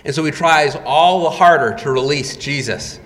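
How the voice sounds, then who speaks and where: A man's voice: fairly high pitch, moderate pace, a bit bright. A man preaching a sermon, retelling scenes dramatically and rising in volume for quoted cries. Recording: long reverb of a hall.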